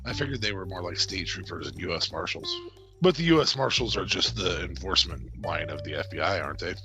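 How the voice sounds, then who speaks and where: A man's voice: deep voice, expressive, a little fast, sharp tone, faint music behind. Playful male podcast co-host. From Nebraska, United States. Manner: playful, teasing, chuckles at jokes. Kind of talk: casual podcast chat.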